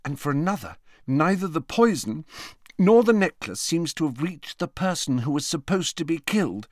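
A man's voice: a little high, very animated, moderate pace, no room sound, studio quality, voice pushed up. A man voicing a clever teenage girl who sounds congested and broods as she reasons. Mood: brooding. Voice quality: congested, like a head cold.

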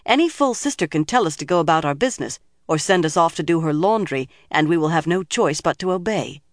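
A man's voice: fairly high pitch, dry recording, studio quality, natural voice. A man voicing a proud, argumentative young woman in an audiobook reading.

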